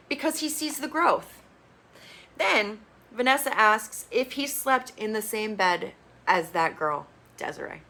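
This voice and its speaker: A woman recapping a reality show in a casual, blunt and expressive way, swearing freely. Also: medium pitch. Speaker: TV reviewer.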